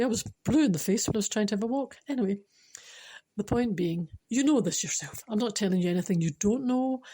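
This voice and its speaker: A woman's voice: mid-range voice, mellow, breathy edge. A woman with a Scottish accent telling a moving story and giving a spiritual talk, chatty and emotional, laughing often.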